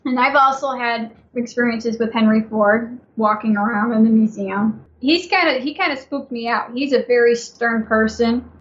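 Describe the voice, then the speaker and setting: A woman with a fairly high voice, talking freely as a podcast guest. She tells her stories in a chatty, anecdotal way. The audio sounds dull and lo-fi. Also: normal speed, few pauses. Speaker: podcast guest, former museum guide. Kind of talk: telling ghost stories in a casual interview.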